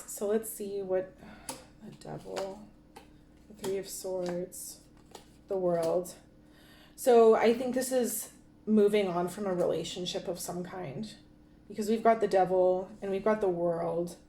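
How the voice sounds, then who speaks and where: A woman's voice: mid-range voice, dark tone, reverberant. A woman giving a casual tarot card reading, talking in a rambling way with many fillers and restarts. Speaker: tarot reader.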